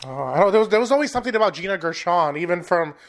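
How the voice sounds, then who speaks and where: A man's voice: sits high, lively intonation, racing, slight background noise. New york guy hosting a podcast, talky, laughs a lot, says sorry a lot. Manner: chatty and apologetic, laughs often. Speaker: podcast host. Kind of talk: casual interview chat.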